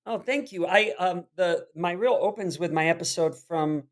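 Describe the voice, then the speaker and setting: A man's voice: sits high, normal speed. A man who is an actor, chatting as a podcast guest and telling stories with frequent laughter. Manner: laughing, animated storyteller. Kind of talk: casual interview chat.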